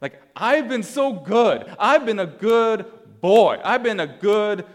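A man's voice: sits high, animated, slow pace, pitched above the performer's own voice. A man voicing a resentful, self-righteous older brother who complains with indignation during a sermon. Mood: aggrieved.

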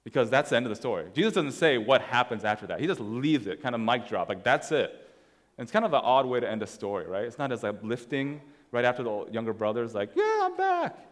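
A man gives a sermon in a relaxed, conversational style, telling a story to a congregation. His voice sits in a middle register. The sound carries the long reverb of a church hall. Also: mid-range voice, fast talker. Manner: conversational, casual, storytelling with slides. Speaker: pastor.

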